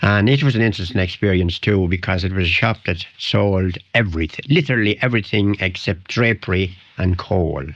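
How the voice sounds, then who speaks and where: A man's voice: low-pitched, a little fast, few pauses, fairly bright tone. An older man with a Wicklow Irish accent, a guest in a radio interview, telling rambling anecdotes and chuckling. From Ireland. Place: radio studio. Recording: dry, dull 1990 radio studio recording.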